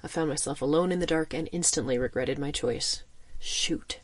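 A man narrating a first-person audiobook story in an expressive, suspenseful manner. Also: fairly high pitch, fairly quick, dry recording.

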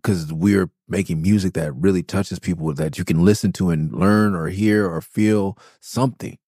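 Casting: deep, warm-toned man in his forties, easygoing podcast host spinning rambling stories into a dry close mic. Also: steady tone, moderate pace, dry recording. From Los Angeles. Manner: loose, enthusiastic, rambling with many "like"s. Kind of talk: casual storytelling about his album.

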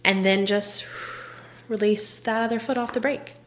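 A young adult woman on a live stream, giving casual motivational coaching. She talks warmly, restarts often and laughs at herself. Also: medium pitch, fairly even intonation, normal speed.

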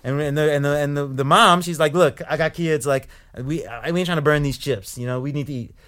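Man, young adult, interview guest, animated storytelling, slightly higher pitch. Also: a little fast. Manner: animated, rising to loud when reenacting anger.

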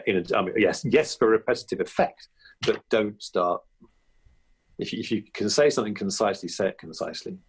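Gravelly low-voiced man. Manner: animated, jumps into character voices. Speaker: comedian and impressionist guest. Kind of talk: podcast interview.

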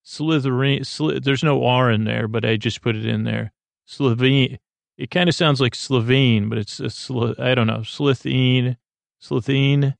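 A man hosting a podcast, recapping an episode in a halting, rambling way with many fillers and restarts. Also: medium pitch, fairly even intonation, gravelly, dry recording. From United States. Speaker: podcast host.

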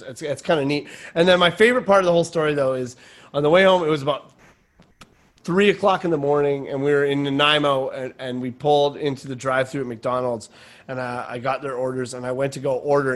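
A man who is a stand-up comedian and podcast host, telling an animated, rambling story in casual chat. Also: medium pitch.

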